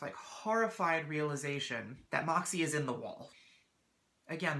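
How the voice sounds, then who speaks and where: A woman's voice: low-pitched, pushed and bright. A woman vlogger telling a story in a dramatic, self-mocking way. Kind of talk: storytelling vlog.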